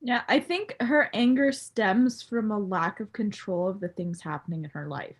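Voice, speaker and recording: A young woman co-hosting a casual book podcast, animated, laughing often and acting out characters' lines. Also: medium pitch, normal speed, slightly rough. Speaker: podcast co-host.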